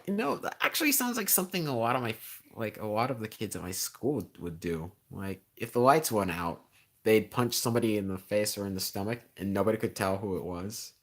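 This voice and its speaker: A teenage boy chatting casually on a livestream, rambling with lots of ums and a sarcastic edge, getting louder when he rants. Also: on the low side, expressive, a little fast. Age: teens. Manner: gets loud and heated when ranting. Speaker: streamer.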